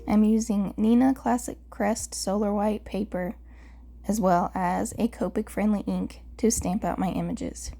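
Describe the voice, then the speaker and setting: A young adult woman narrating a craft card-making tutorial voice-over, calm and methodical, her voice crackly from the early morning. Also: medium pitch, unhurried, gravelly.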